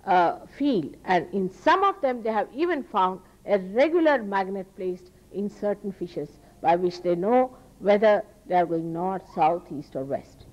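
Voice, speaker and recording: A woman's voice: mid-range voice, lively intonation, measured pace, hardly any pauses, lo-fi sound. A woman with an Indian accent giving a spiritual lecture to an audience, earnest and emphatic, repeating phrases for stress. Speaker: spiritual teacher. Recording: archival talk recording.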